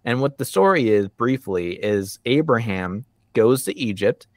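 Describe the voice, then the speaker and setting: Lively storytelling man, dry sound. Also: mid-range voice, measured pace, no room sound. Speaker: podcast guest. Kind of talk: casual podcast conversation.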